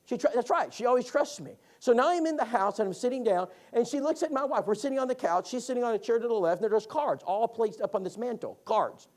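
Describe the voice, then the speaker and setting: Animated man preaching a sermon class. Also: quick pace, hardly any pauses. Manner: animated storytelling with lively pitch swings.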